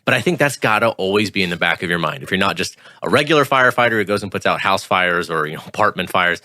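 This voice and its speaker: A man co-hosting a podcast, talking in an animated, loose way and swearing casually. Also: low voice, fast, no room sound, studio quality. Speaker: podcast co-host.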